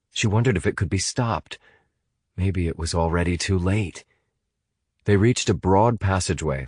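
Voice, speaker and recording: A man reading a thriller audiobook in an expressive, dramatic way. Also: low voice, no room sound, clean studio sound. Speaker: audiobook narrator. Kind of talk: scripted audiobook narration.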